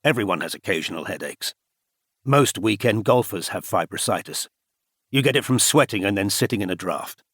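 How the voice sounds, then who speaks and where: A man's voice: on the low side, animated, normal speed, fairly bright tone, dry recording, clean studio sound. A man reading the part of a cool male secret agent who answers clipped and politely defensive.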